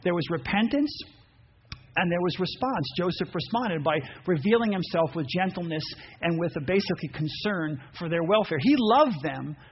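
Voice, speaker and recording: A man preaching a sermon, animated, acting out voices and reading scripture aloud. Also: sits high, normal speed. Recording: dull muffled sound with faint noise.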